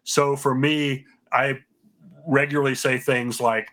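A man from the American South, a linguist guest calmly explaining things with many pauses on a radio talk show. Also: mid-range voice. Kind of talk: radio interview.

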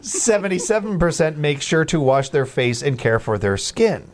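A man's voice: on the high side, moderate pace. A man hosting a morning radio show, talking in a chatty, rambling way full of restarts and fillers. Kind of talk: casual morning radio chat.

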